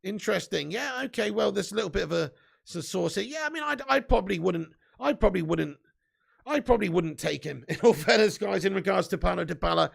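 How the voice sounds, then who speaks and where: Young man, live-stream host, high gravelly voice, sweary banter. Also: expressive, fairly quick. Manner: banter with frequent swearing and laughter. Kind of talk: casual live-stream chat.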